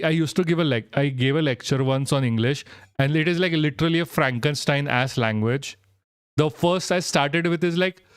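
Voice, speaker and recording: A man's voice: high voice, smooth, no room sound, clean studio sound. A young Indian man hosting a live stream, ranting bluntly and with lots of swearing as he answers viewer comments. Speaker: livestream host.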